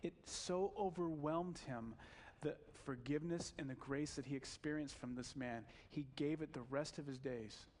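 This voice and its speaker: A preacher retelling a film story in a sermon, animated, with fillers. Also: male voice, medium pitch, moderate pace, hardly any pauses, long reverb tail.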